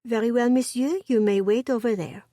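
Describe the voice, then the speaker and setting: Lady doing a high chirpy french shopkeeper lady, thick accent, gushing, dry close sound. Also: moderate pace, no room sound, natural voice. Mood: eager. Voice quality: high and loud, effusive. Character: fussy petite French dressmaker woman, bubbly.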